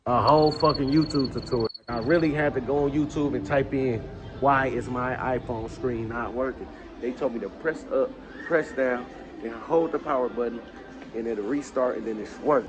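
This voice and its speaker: A man vlogging a casual storytime rant, animated and swearing heavily, with loud angry outbursts. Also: mid-range voice, normal speed, noisy background.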